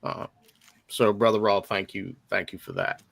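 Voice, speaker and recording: A man giving a heartfelt spoken tribute on a video call, earnest and halting, with many pauses and fillers. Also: fairly low pitch, wildly swooping pitch, creaky, fairly bright tone, no echo. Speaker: tribute speaker.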